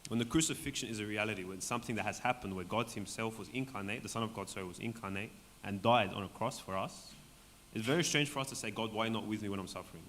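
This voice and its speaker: A man leading a Bible study for a group in a church hall, talking conversationally and often checking in with "right?", his voice going hoarse. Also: lowish voice, fast, few pauses, fairly bright tone. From Australia. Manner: conversational, keeps asking "right?". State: voice going hoarse, clearing throat. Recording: long hall reverb, faint background noise.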